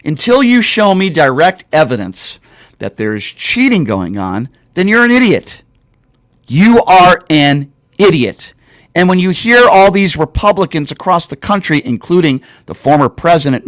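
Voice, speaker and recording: A man's voice: fairly high pitch, fairly bright tone, no echo, studio quality. A man hosting a talk show, delivering political commentary in an indignant, ranting way and repeating points for emphasis.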